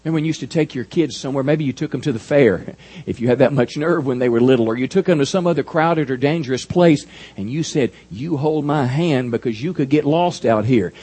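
A man preaching a sermon in an animated, folksy storytelling manner. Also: mid-range voice, fairly quick, few pauses, breathy edge. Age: 50s. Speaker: pastor.

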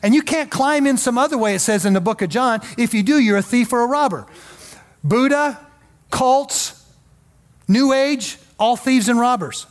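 A man's voice: very high voice, expressive, moderate pace. A male pastor preaching a sermon in a folksy, emphatic way with joking asides.

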